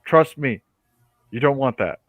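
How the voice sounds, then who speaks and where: A man playing a tabletop game, giving orders in a quick, bossy way. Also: medium pitch, animated, no room sound, narrow, tinny audio, soft background music. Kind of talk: casual tabletop role-play.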